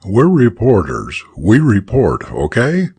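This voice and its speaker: A man's voice: fairly low pitch, huge pitch swings, slow, darkish tone, husky, no echo, voice pushed up, heavily acted. A man playing a cynical older newspaper reporter who brushes others off curtly. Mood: dismissive. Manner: curt, dismissive.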